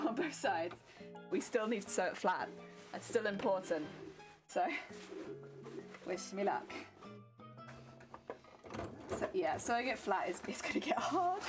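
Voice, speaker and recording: A young woman from the United Kingdom chatting to herself and giggling as she sews a cosplay on a live stream. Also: mid-range voice. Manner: chatty, self-talking, giggly while working. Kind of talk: casual sewing stream chat. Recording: clear music bed under the voice.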